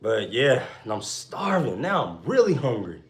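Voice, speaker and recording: A man's voice: medium pitch, sing-song, moderate pace. A young man on a live stream, reading viewer messages aloud and answering them in slangy, laid-back banter. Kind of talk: casual live-stream chat.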